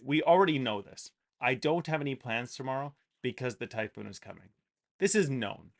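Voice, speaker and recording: A male English teacher with a lively, up-and-down delivery who reads example sentences aloud with clear emphasis. His voice carries a gravelly edge. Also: medium pitch. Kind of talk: lively explanatory lesson.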